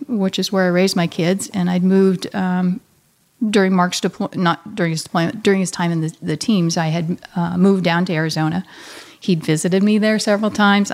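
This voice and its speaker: A middle-aged woman speaks as a guest, telling a deeply personal story of loss. Her voice carries a gravelly fry, and she moves through the memory haltingly, with frequent pauses and restarts. The telling is heartfelt and unhurried. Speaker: guest, a bereaved mother.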